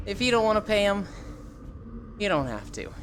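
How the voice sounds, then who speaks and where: A woman streamer chatting casually with her live chat, teasing viewers and telling animated stories. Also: mid-range voice, moderate pace, slight background noise. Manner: animated storytelling with laughter.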